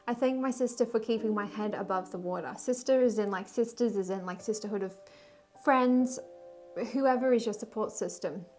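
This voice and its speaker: A woman giving a casual weekly tarot reading, emotional and rambling, with sighs and soft laughs. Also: medium pitch, normal speed, soft background music. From Australia. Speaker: tarot reader and spiritual guide.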